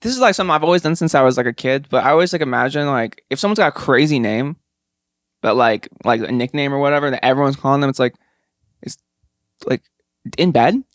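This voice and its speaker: A man's voice: medium pitch, fast talker, no echo, studio quality. A man co-hosting a casual comedy podcast, rambling with lots of fillers. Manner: rambling, filler-heavy, animated. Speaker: podcast co-host.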